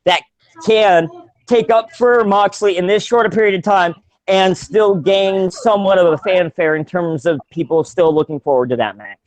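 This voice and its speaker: Co-hosting a casual podcast, a man with a high-sitting voice talks at normal speed. He rambles with plenty of fillers and restarts, laughing often.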